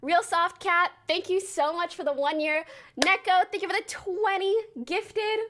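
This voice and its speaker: A young woman in her twenties chatting casually on a livestream, bubbly and talkative, quickly reading out names to thank her viewers. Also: very high-pitched, a bit bright, slight background noise.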